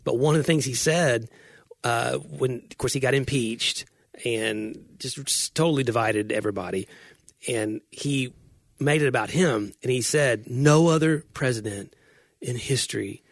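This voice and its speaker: A man's voice: medium pitch, moderate pace, creaky, no room sound, clean studio sound. A man co-hosting a podcast, telling rambling stories in casual chat and acting out quotes. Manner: rambling storyteller, acts out quotes. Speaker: podcast co-host.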